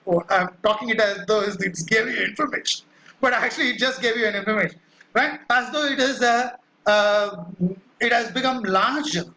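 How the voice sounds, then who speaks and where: A man lectures with a high, bright voice, walking listeners through an example at an easy, halting pace. He leans on "uh" and keeps asking "right?" to check that the class follows. His tone is that of a teacher explaining to students. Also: a little hiss or hum, poor audio. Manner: explanatory, frequent "right?" check-ins and "uh" fillers; acts out quoted cries.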